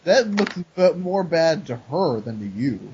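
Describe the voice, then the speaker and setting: A man's voice: a little high, sing-song, unhurried, darkish tone, slightly rough. A man co-hosting a podcast, arguing his point in a wry, casual way. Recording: muffled lo-fi audio with faint noise.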